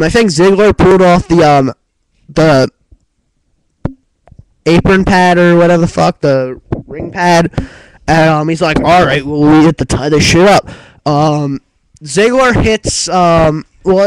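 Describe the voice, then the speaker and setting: A man's voice: sits high, a little hiss or hum, poor audio. A man co-hosting a casual talk show, recapping matches in a loose, rambling way, full of fillers and offhand swearing. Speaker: co-host of a wrestling talk show. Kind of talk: casual chat recapping a wrestling broadcast.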